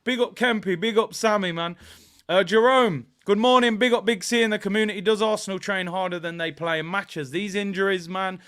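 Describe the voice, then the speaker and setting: Bright excitable man streaming. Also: high-pitched, a little fast. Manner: excitable, shouts and cheers at goals; gives shout-outs to chat viewers. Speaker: watchalong host. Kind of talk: live football watchalong chat.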